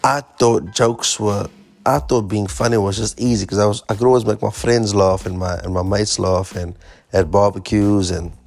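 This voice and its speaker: Guy with a low gravelly voice telling a story, animated, acts out his panic, faint music behind. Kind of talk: casual storytelling. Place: Fremantle area, Western Australia.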